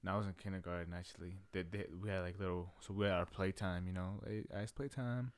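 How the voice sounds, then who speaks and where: Young dude, lowish voice, dry sound, chill swearing banter. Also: male voice, steady tone, fast talker, smooth, dry recording. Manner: slangy, profane, laid-back banter. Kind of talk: casual chat.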